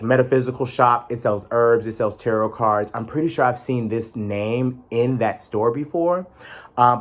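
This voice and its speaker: A young man with a chatty, rambling manner and playful sassy asides, talking casually as a vlog host. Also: mid-range voice. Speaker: tarot deck reviewer.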